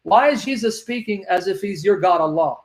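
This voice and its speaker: A man debating religion, reading verses aloud slowly and repeating references with emphasis. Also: high voice, animated. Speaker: Christian apologist.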